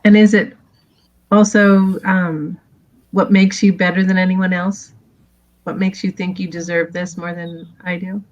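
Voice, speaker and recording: Female participant, lower voice, muffled lo-fi recording, chimes in with short questions. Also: flat delivery, unhurried, a little mellow. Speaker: workshop participant. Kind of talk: group discussion. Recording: dull lo-fi sound.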